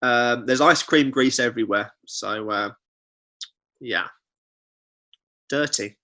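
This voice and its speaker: Bright-voiced man, jokey podcast host. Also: medium pitch, takes it slowly. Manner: jokey, reads reviews aloud with asides. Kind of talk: casual comedic chat.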